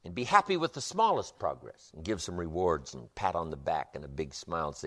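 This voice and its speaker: Man, motivational speaker, lowish voice, very lively pitch, emphatic repeated phrases. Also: a little fast, few pauses. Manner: emphatic, repetitive, rhythmic delivery. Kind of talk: motivational seminar lecture.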